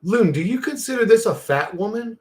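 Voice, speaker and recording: A man's voice: high voice, lively intonation, moderate pace, darkish tone. A man hosting his own channel, chatting loosely and profanely to himself while he tinkers at his computer. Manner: loose, profane, talks to himself while clicking through an image generator. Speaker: channel host. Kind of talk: casual rambling chat.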